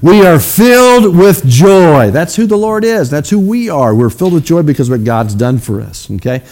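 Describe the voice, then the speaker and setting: A pastor, a man, leads a sermon in a church. His voice sits a little high for a man. He keeps it conversational, explaining words and checking in with listeners as he goes. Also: lively intonation, fairly quick, warm tone. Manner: conversational preaching, frequent "okay?" check-ins with the congregation. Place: church sanctuary.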